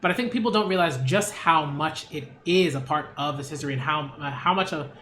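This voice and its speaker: A man's voice: on the high side, brisk, a bit bright, echoey room, slight background noise. A man reviewing manga in a casual read-along, rambling with many fillers and restarts.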